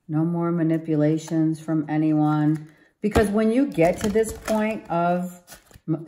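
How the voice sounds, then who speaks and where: A woman's voice: deep voice, mellow, a little hiss or hum. A woman giving a tarot reading to viewers, emphatic and exclaiming, often repeating herself. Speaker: tarot reader.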